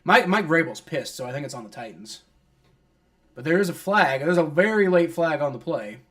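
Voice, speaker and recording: Man, fan play-by-play, lively swinging pitch, slightly high voice, exasperated, swears a lot. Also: normal speed. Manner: exasperated, complaining at refs and players; swears casually, many fillers like "like". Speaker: fan streamer doing play-by-play. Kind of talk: live fan play-by-play reaction.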